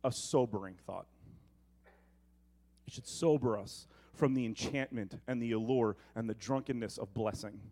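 A middle-aged male pastor delivering a sermon, moving between loud emphatic preaching and quiet, conversational storytelling. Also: mid-range voice, moderate pace.

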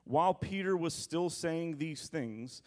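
A man in his thirties preaches from scripture in a slightly raised pitch, breaking off for dry, joking asides. He talks to the room conversationally and has the congregation repeat key words back to him. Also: lively intonation, slow, a little mellow. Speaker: pastor. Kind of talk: sermon.

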